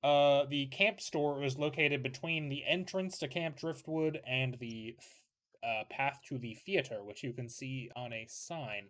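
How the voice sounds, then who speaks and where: A man's voice: medium pitch, measured pace, fairly bright tone. A man narrating a tabletop game as game master, rambling and correcting himself as he goes, with casual swearing.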